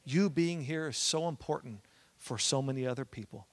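A man, a pastor preaching and telling a family story, swinging between loud and hushed. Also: medium pitch, normal speed. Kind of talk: sermon with personal storytelling.

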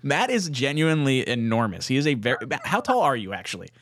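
Teasing podcast co-host, mid voice. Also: male voice, medium pitch, big pitch swings, fast talker, a bit bright, slight background noise. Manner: teasing, joking banter. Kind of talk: casual podcast chat.

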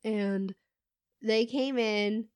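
A woman's voice: a little high, fairly even intonation, extremely slow, darkish tone, clean tone, no echo. A young woman chatting casually, telling funny work stories and laughing often. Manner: laughs often, storytelling with quoted voices. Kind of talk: casual chat.

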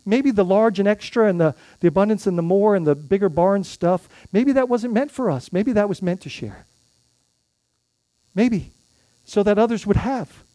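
A man's voice: high voice, darkish tone, dry recording. A male pastor preaching a sermon in a conversational way, often restarting phrases and adding tag questions.

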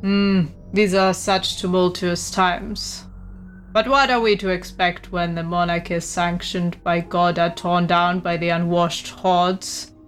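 Woman as Russian aristocrat officer, courtly and solemn, measured delivery. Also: lowish voice, level tone, a little hiss or hum. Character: grave aristocratic Russian prince, male cavalry officer.

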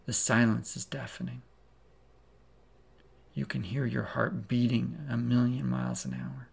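A man's voice: medium pitch, animated, measured pace, creaky, husky. A man preaching a sermon, retelling a story vividly in the second person as a preacher.

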